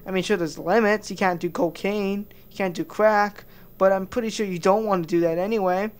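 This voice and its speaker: A man's voice: high-pitched, fairly even intonation, brisk, smooth. A man giving heated, crude reaction commentary, stammering through many restarts. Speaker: commentary vlogger.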